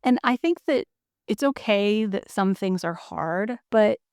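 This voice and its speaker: A woman's voice: medium pitch, lively intonation, measured pace, a little mellow, smooth, no room sound, studio quality. A woman, a counselor and author, explaining ideas on a podcast with everyday examples. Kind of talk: podcast conversation.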